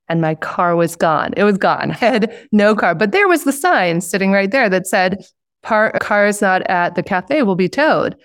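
A woman hosts a conversational interview and tells an anecdote in an upbeat, quick-moving way. Her pitch is average for a woman, and the sound is dry and close. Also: dry recording. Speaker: host.

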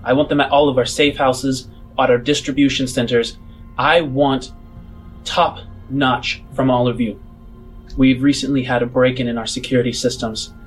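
A man's voice: medium pitch, little pitch movement, normal speed, faint music behind, lightly acted, low-quality recording. A man voicing a cocky, guarded halfling woman who runs a criminal bar, speaking in a cool, commanding way during a tabletop game. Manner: cool, commanding, quietly self-assured.

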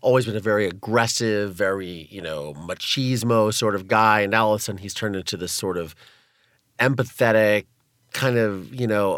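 A man's voice: fairly low pitch, moderate pace, a bit bright, no room sound, studio quality. A man telling his life story as a guest, candid and conversational, with nervous laughs and frequent fillers.

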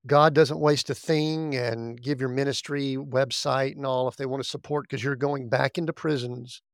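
A man hosting a faith podcast, gently and a little haltingly guiding the conversation. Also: mid-range voice, fairly even intonation, no room sound, clean studio sound. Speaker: podcast host. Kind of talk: interview hosting.

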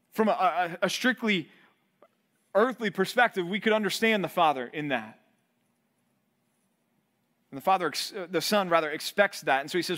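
A male pastor preaching a sermon in an animated way, acting out quoted voices. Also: on the high side, fairly quick, pauses often.

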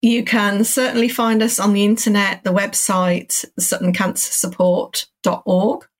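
Woman guest, calm and encouraging, mid pitch, talks at length. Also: a little slow. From England. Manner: calm, encouraging, rambling explanations. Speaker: cancer support centre guest. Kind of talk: podcast interview.

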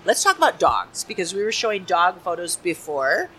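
A woman's voice: on the low side, very animated, moderate pace, a bit bright, a little hiss or hum, rough recording. A woman hosting a networking talk show, chatting enthusiastically with two guests in a public market. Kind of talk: casual interview chat.

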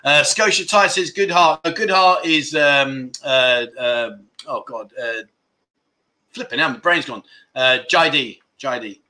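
A man hosts a casual live stream, reading viewer comments aloud in a jokey, scattered way and laughing at his own slip-ups. His mid-range voice is pushed and bright, and he talks a little slowly.

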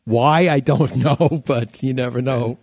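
A man's voice: mid-range voice, measured pace, creaky, a little mellow, dry recording, clean studio sound. A man from New York hosting a home improvement radio show, joking and rambling in a casual way. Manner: joking, rambling, laughs often.

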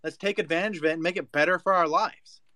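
A man's voice: fairly high pitch, fast, sharp tone, dry recording. A man in a casual chat, arguing his point in a brash, emphatic rant.

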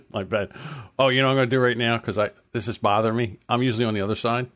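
A man's voice: medium pitch, fairly even intonation, racing, a bit bright. A man co-hosting a podcast in casual banter, blunt and swearing freely. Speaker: podcast co-host.

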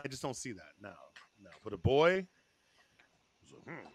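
A man's voice: mid-range voice, animated, normal speed. A man co-hosting a casual podcast chat, rambling, laughing often and swearing freely. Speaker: podcast co-host.

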